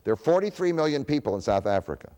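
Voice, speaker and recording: A man's voice: mid-range voice, very animated, quick pace, mellow, long reverb tail. A man giving a public lecture, who poses rhetorical questions and answers them himself.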